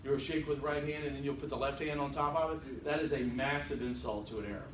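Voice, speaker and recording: This college instructor speaks at a quick clip in a mid-range voice with fairly even intonation, slipping wry jokes to his students during the lecture. Faint hiss or hum is present, and the mic picks him up from far away in an echoey room.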